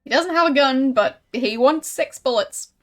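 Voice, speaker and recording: A woman's voice: high-pitched, normal speed, fairly bright tone. A woman streaming a game, commenting casually in a wry, playful way and laughing at what happens.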